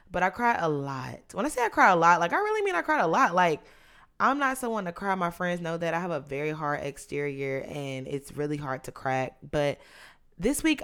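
A woman in her mid-twenties talks through her week on her own podcast. Her voice sits low, and she is chatty and candid, leaning on words and stretching them out for emphasis. It sounds close to the microphone. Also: a bit bright, clean tone. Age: 20s. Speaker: podcast host. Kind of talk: casual solo podcast chat.

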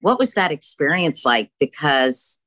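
A woman from Virginia conducts an interview, asking her questions in a chatty, conversational style. Her voice is strikingly deep for a woman, sitting at the very bottom of the range. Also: very animated, unhurried, fairly bright tone, slight background noise. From Virginia, USA.

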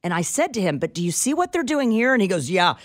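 Animated woman ranting on talk radio. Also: mid-range voice, quick pace. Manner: animated storytelling, exasperated rants. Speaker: radio show co-host. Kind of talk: casual talk radio chat. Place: radio studio.

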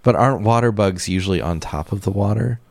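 A man co-hosting a comedy podcast, joking in a dry, deadpan way. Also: on the low side, quick pace, gravelly, no room sound. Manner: deadpan, dry jokey delivery. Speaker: podcast co-host. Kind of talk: casual comedic chat.

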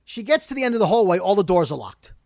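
High-voiced man recapping a TV episode. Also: creaky, no echo, clean studio sound. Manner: animated, talks fast, rants about plot holes. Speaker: podcast host recapping a TV episode. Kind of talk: casual recap chat.

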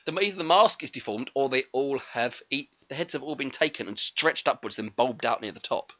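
A man co-hosting a podcast, chatting casually about a film with quick, jokey rants. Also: mid-range voice. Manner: quick, animated, jokey ranting. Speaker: podcast co-host. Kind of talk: casual chat reviewing a film.

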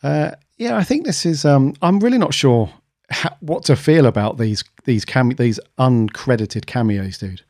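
A man's voice: mid-range voice, lively intonation, moderate pace, few pauses, darkish tone, no room sound, studio quality. A man co-hosting a podcast in casual chat, musing aloud with many fillers. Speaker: podcast co-host.

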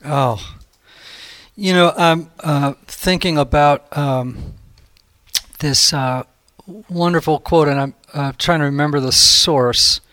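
A man's voice: on the high side, takes it slowly, sharp tone. A man hosting a conversational podcast, encouraging and exclamatory, prone to laughing.

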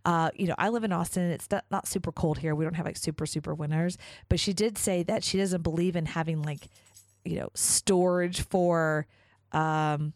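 Chatty low-voiced woman podcast host. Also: fairly even intonation, normal speed, a little mellow, dry recording. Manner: chatty and enthusiastic, many "like" fillers. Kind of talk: casual solo podcast monologue.

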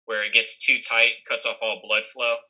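Bright-voiced young man telling a story. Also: lowish voice, little pitch movement, normal speed, poor audio. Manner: rambling, many fillers and restarts, acts out quoted lines. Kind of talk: casual storytelling.

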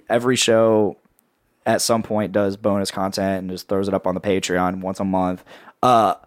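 A man hosting a casual podcast, rambling through plugs with a playful sales-pitch delivery. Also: smooth, no echo, studio quality. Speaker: podcast host and network editor. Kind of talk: casual podcast chat with co-hosts.

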